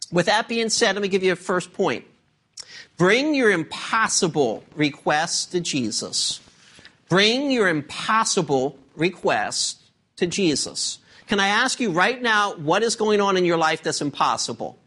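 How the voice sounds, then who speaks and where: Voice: mid-range voice, a bit bright. A preacher delivering a sermon with emphatic delivery and frequent rhetorical questions to the congregation.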